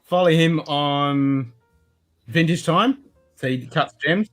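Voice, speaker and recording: An Australian man hosting a casual whisky livestream, loud and laughing, swearing freely. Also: a little high, takes it slowly, faint music behind. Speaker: show host.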